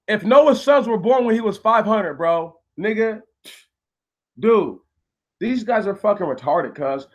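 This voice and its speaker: A man's voice: high-pitched, expressive, measured pace. A man rants on his live stream. He swears constantly, repeats himself and argues with the viewers in his chat. He sounds angry throughout. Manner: angry, profane, repetitive, arguing with viewers. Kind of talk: heated live-stream rant.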